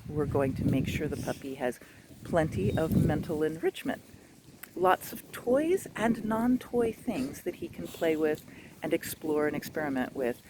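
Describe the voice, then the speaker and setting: A man working as a dog trainer, giving an instructional talk in a chatty, animated way with playful asides. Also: a little high, unhurried, heavy background noise.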